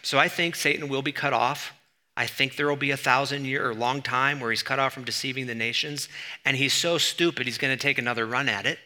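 A male pastor teaching in a very bright, sharp tone. He talks through his sermon conversationally, then leans hard on key words with sudden emphasis. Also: medium pitch.

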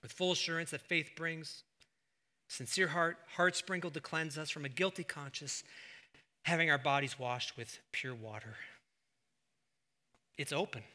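Bright, high-voiced preaching man. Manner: swings between hushed, slow emphasis and loud, raised exclamation; asks the congregation rhetorical questions. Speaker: pastor. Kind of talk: sermon.

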